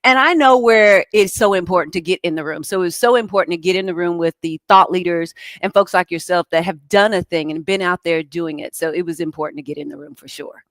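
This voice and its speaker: A woman's voice: lowish voice, brisk, few pauses, a bit bright, no room sound. A woman guest speaking confidently and emphatically, repeating her key points in casual chat. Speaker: guest business coach.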